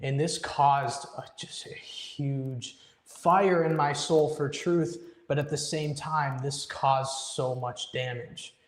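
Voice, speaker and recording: Young guy telling his story, earnest and emphatic, quotes his own thoughts, mid pitch, lots of room echo. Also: fairly even intonation, takes it slowly, hardly any pauses. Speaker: guest musician. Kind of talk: personal story in a live interview. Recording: echoey room with long reverb.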